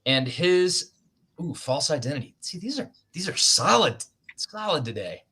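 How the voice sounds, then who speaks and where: A man's voice: fairly high pitch, very animated, unhurried, sharp tone, slightly rough. A man hosting a writers' livestream over a video call, chatty and self-deprecating, joking as he goes. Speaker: livestream host. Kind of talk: casual chat.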